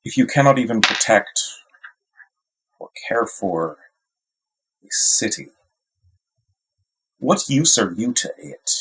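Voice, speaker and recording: Gravelly, slow man speaking in character. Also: mid-range voice, animated, pushed and bright, poor audio. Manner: slow, solemn, accusing. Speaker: player. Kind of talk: in-character speech in a tabletop game.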